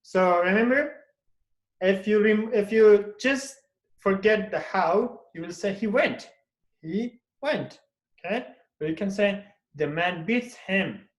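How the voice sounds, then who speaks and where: A man's voice: sits high, slow. A man teaching a grammar lesson, repeating each example sentence with exaggerated intonation and checking in with frequent "okay?". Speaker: English teacher. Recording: echoey room.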